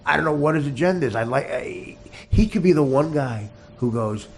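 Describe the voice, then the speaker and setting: A man hosting a podcast, launching into a profane comedic rant that swings between loud shouted bursts and low muttering, with stammered restarts. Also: expressive, normal speed, slight background noise. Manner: heavy cursing, repeats and stammers. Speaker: podcast host.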